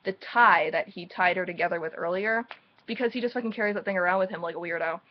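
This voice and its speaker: A woman's voice: lowish voice, quick pace, dull audio. A woman recapping book chapters in a casual, rambling way, full of sarcastic and mocking asides. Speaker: book reviewer.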